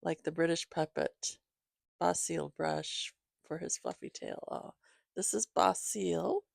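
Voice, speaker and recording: A woman hosting her own channel, chatting casually with viewers as she shows gifts, giggling often and filling pauses with "um". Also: fairly low pitch, fairly even intonation, creaky, no room sound. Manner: chatty, giggly, many fillers. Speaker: channel host reading to her cats. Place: home, reclining.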